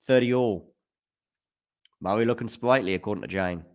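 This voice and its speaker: A man giving casual live tennis commentary on a stream, chatting with viewers by name and getting loud at big points. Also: on the low side, normal speed. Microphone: handheld mic at times.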